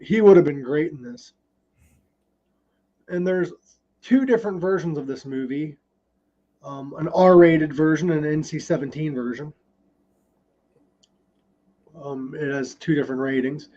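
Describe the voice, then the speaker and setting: A man's voice: fairly high pitch, unhurried, pauses often, mellow, lo-fi sound. A man hosting a casual podcast, reading film trivia with many ums. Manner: reads trivia with frequent ums. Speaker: podcast host.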